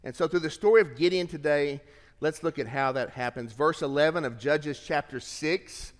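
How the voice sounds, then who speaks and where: A man preaching a sermon as pastor, reading scripture aloud with lively shifts of pace and emphasis. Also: on the high side, normal speed, long reverb tail.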